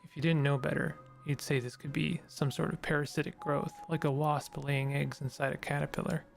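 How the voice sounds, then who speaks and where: A man's voice: fairly high pitch, level tone, brisk, gravelly, faint music behind. A male streamer reading a story game aloud and chatting playfully with his viewers.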